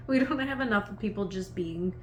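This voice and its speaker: A woman's voice: medium pitch, slight background noise. A woman in her thirties, a vlogger casually telling a personal story to camera in a meandering, chatty way. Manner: chatty, meandering, full of "like" fillers. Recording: echoey room with faint ambience.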